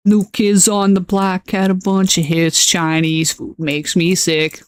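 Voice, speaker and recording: A woman's voice: fairly low pitch, little pitch movement, unhurried, few pauses, clear, resonant tone, no room sound. A woman chatting casually on her livestream at home, laughing often and talking in a bubbly way. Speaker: streamer.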